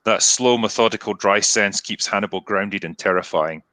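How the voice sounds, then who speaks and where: A man's voice: lowish voice, moderate pace, bright, forceful tone, no echo. A British man hosting a casual video-call chat, reading viewer comments aloud with dry, wry humor. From Britain. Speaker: podcast host. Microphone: webcam video call.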